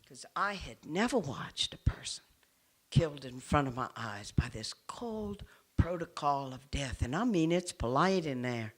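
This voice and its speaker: A nun giving an impassioned public speech to an audience in a room. She is earnest, and her delivery swings from forceful to hushed. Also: sits low, lively intonation, measured pace.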